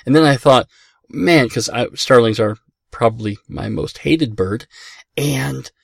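A man's voice: medium pitch, a little slow, gravelly, no room sound, clean studio sound. A man talking casually from his parked car as a podcast host, chatty and self-deprecating, easily amazed by what he reads. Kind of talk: casual rambling chat.

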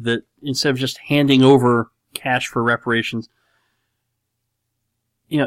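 A man's voice: mid-range voice, fairly bright tone. A man hosting a casual talk show, reading out listener questions in a rambling way, with dry, sarcastic humor. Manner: rambling, full of "like" and "you know". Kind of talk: casual chat.

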